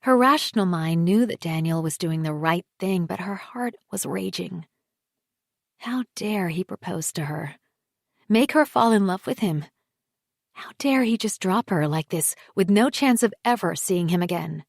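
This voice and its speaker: Slow, measured woman audiobook narrator. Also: lowish voice, creaky, a little mellow, no room sound, studio quality. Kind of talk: scripted narration.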